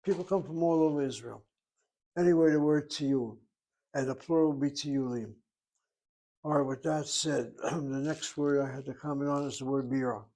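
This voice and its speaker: An older man lecturing a small class on Hebrew words. His voice sits a little high for a man. He talks at an explanatory pace and poses questions that he answers himself. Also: fairly even intonation, moderate pace, warm tone. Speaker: Hebrew teacher.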